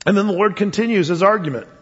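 A male pastor preaching an expository sermon, telling the story in an animated way with chuckles and asides, his voice husky. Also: high-pitched, quick pace. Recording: dull lo-fi sound with long hall reverb.

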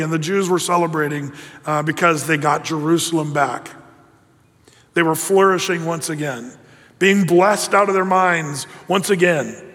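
A man preaches to a congregation and tells his stories with animated emphasis, acting out the quotes. His voice sits high. A long hall reverb trails behind him. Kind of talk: sermon-style storytelling to a congregation.

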